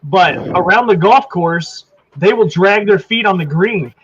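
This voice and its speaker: A man telling a story in casual chat on a video call, animated and laughing often. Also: high voice, unhurried, slight background noise. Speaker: podcast co-host. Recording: dull lo-fi call audio.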